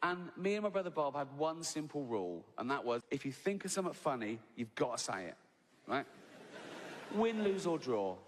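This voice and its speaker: An English comedian in his sixties tells a story on stage with a somewhat high voice. He talks loosely and keeps asking "right?", and a long reverb fills the hall. A clear murmur of the room stays audible behind him. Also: big pitch swings, normal speed, noisy background. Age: 60s. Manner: chatty anecdotal delivery, peppered with "right?" and swearing, laughs at his own story. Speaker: stand-up comedian. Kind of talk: stand-up storytelling. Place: stage in a large hall with a live audience. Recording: reverberant hall, audience ambience.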